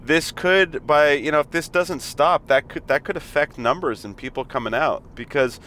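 A man's voice: on the high side, moderate pace, sharp tone. A man co-hosting a podcast in casual chat, bantering and joking while recording inside a car. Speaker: podcast co-host.

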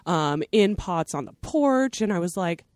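A woman guest telling a story in casual chat, animated, swearing and saying "like" a lot. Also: on the low side, a little slow, no echo, studio quality. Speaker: podcast guest.

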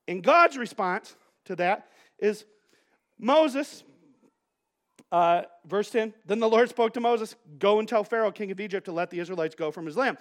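High-voiced male pastor preaching. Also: lively intonation, normal speed, fairly bright tone. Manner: conversational and joking, with playful storytelling asides. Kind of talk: sermon.

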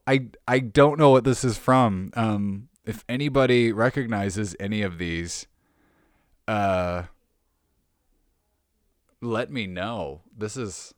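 An amused male podcast host with a fairly low voice, chatting casually and breaking into laughter as he reads strange text aloud. His voice sounds close and dry, with no room sound behind it. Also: takes it slowly, pauses often, no room sound. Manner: amused, laughs while reading odd text.

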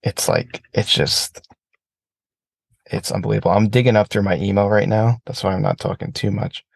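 Male co-host, low gravelly voice, casual and profane, dry close sound. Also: normal speed, no echo. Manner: profane, animated rants. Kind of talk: casual chat.

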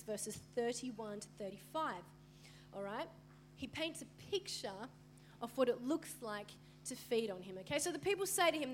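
Young woman preaching, high voice, chatty and animated, does little voices for the bible people. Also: a little hiss or hum. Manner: lively, acts out voices of the people and Jesus. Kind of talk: sermon.

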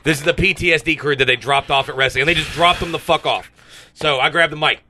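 Brash, bright-voiced man cutting a loud promo. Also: a little high, fast talker, slight background noise. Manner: brash, profane, loud wrestling-promo bravado. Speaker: player. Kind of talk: improvised tabletop role-play, wrestling promo.

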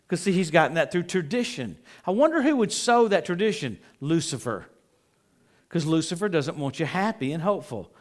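A middle-aged man delivers a sermon in a slightly raised voice. He is animated and playful, veering from loud, emphatic lines to soft, confiding asides. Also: high voice, normal speed. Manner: animated, jokey, swings from loud to hushed. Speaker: preacher.

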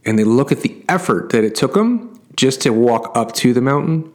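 A man's voice: mid-range voice, expressive, normal speed, a little mellow. A middle-aged man coaching his clients through a casual story, emphatic and repeating words for effect.

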